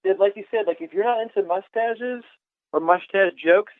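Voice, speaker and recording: Man, high voice, podcast co-host, halting chat full of fillers, tinny phone-like sound. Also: no room sound. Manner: laughing, filler-heavy, halting. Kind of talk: casual chat. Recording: tinny phone-like line, dry.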